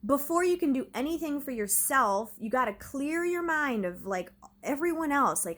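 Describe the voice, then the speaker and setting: A woman's voice: sits high, lively intonation, normal speed. A mother in her thirties tells a story at home in a loose, rambling way. She fills her talk with fillers and restarts. She acts out her own reactions and what others said, with plenty of drama in her retelling. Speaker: vlogger. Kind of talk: casual storytelling.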